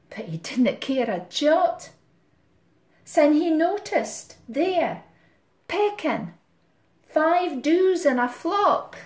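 A Scottish woman telling a rhyming story to children while drawing, gentle and rhythmic, with soft asides. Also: high voice, roomy sound. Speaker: music tutor.

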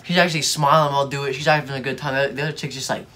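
A man's voice: medium pitch, level tone, rapid-fire, background noise. A young man giving casual reaction commentary, slangy, mocking and easily exasperated. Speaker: video reactor.

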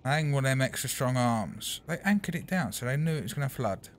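Excitable man playing a game. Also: medium pitch, fairly quick, a little hiss or hum. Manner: excitable, chatty, talks to the game. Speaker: gaming channel host. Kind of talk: gameplay commentary.

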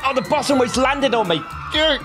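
A man voicing a comedic taxi driver in a game video, excitable and playful, with frequent yelps and exclamations. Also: very high-pitched, fairly quick, shouting, music in the background, a crowd in the background. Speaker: narrator and lead voice. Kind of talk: comedic game roleplay voiceover.

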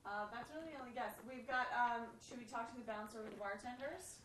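A woman's voice: a little high, fast, a bit bright, low-quality recording. A woman co-hosting, casually reading out audience guesses.

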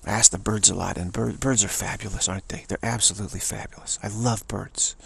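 A man's voice: lowish voice, steady tone, brisk, vocal fry, slightly rough, rough recording. A male yoga teacher giving a rambling spiritual talk, emphatic and full of repetition. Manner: emphatic, repeats himself.

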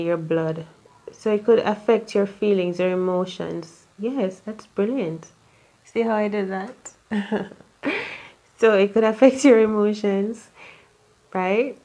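Mellow-voiced chatty woman reading tarot. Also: mid-range voice. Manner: rambling, chatty, with many fillers and asides. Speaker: tarot reader.

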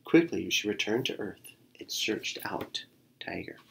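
A man's voice: fairly low pitch, measured pace, gravelly. Man reading a folktale aloud. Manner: expressive, animated reading. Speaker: storyteller. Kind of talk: read-aloud storybook narration.

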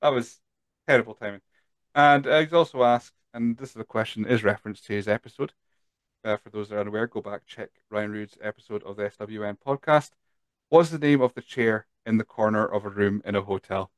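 A man's voice: on the low side, brisk, clear, resonant tone, no echo. A Scottish man hosting a podcast, chatty and tired, reading out listener questions with lots of fillers. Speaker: podcast host. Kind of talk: casual chat.

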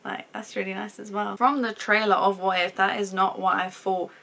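Gravelly, husky woman reviewing a cartoon. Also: mid-range voice, flat delivery, moderate pace, pushed and bright. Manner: emotional, exclaiming often. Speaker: reaction channel host. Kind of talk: casual reaction and review.

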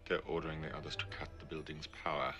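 An actor playing a calm, commanding male terrorist leader with a German accent, speaking in a precise, clipped way. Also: a bass voice, quick pace, over music. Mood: cold. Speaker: villain in a film.

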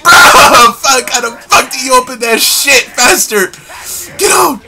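High, lively voice of a swearing gamer. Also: male voice, measured pace, loud music behind the voice. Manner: swearing constantly, slangy, yelling in panic. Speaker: gamer playing a horror game. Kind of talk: let's play commentary.

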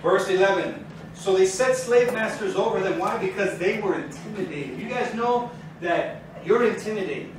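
A man's voice: high voice, normal speed, noisy background. A man teaching a sermon before a congregation, fervent and building in intensity as he preaches. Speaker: Torah teacher. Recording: very echoey room, mic far off.

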